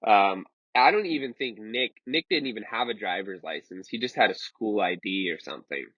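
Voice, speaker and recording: A man's voice: on the low side, expressive, moderate pace, husky, dry recording. A man in his twenties casually telling a rambling, profane story. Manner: rambling and profane, with many fillers. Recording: dull lo-fi sound.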